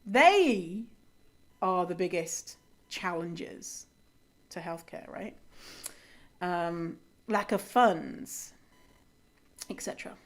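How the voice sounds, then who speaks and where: A woman's voice: lowish voice, expressive, extremely slow, pauses often. A woman hosting a solo podcast, sarcastic and chatty, rebutting quotes she reads aloud. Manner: frequent fillers and restarts, laughs often. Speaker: podcast host.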